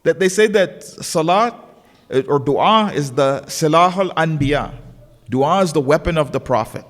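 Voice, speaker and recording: A man's voice: a little high, unhurried, in a large hall. A man giving a religious lecture, telling a story and acting out the voices in the quotes. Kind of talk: sermon. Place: lecture hall of a learning center.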